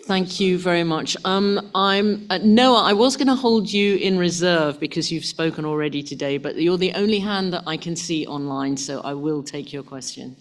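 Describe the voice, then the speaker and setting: A woman chairing a formal meeting, handing the floor to speakers in a brisk, courteous way. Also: on the low side, slight background noise. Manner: brisk, courteous hand-offs.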